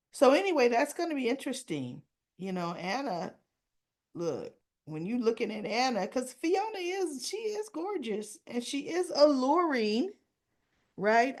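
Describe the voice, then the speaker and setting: A woman hosting a soap opera recap, chatting casually and acting out bits of dialogue as she retells the episode. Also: mid-range voice. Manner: chatty, acts out lines of dialogue.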